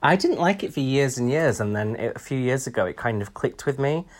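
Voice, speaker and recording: Chatty expressive man hosting a podcast. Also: medium pitch, brisk. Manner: chatty, expressive, self-mocking. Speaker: podcast co-host. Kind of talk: casual chat.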